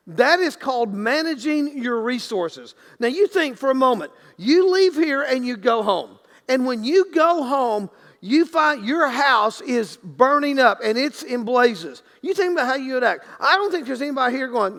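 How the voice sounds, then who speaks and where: A man's voice: extremely high pitch, very animated, moderate pace, a bit bright, long reverb tail. A man preaching a sermon as pastor in a church sanctuary, talking in a loose, conversational way with many restarts and acted-out quotes.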